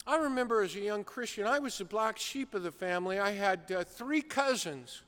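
Preacher, male, high bright voice, unhurried animated storytelling, long reverb of a big hall. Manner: animated storytelling, acting out a shouting coach. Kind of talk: sermon.

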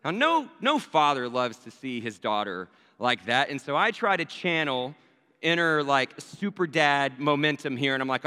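A man's voice: mid-range voice, big pitch swings, normal speed, bright, forceful tone, smooth. A man, a pastor, telling a story in a sermon, talking casually and turning to his listeners with rhetorical questions. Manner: conversational, addresses listeners directly with rhetorical "right?". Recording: long hall reverb.

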